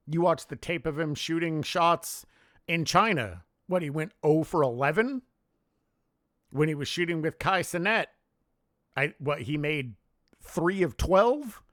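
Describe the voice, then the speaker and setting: A man's voice: a little high, expressive, unhurried, pauses often, fairly bright tone, dry recording, clean studio sound. A man delivering a heated, profane solo rant as a sports commentary vlogger, scornful and blunt. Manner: heated, profane, contemptuous ranting.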